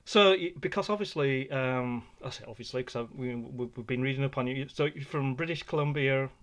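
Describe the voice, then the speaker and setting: A man's voice: medium pitch, fairly quick. A man from Scotland, a podcast host asking rambling questions in a casual interview.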